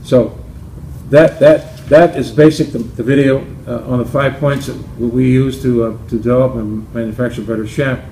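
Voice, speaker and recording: A man presenting his golf shaft company and telling a joke, halting with restarts. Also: mid-range voice, fairly even intonation, mellow, slight background noise. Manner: halting, with many restarts and fillers. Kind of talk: company promo talk with a joke. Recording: roomy with faint ambience.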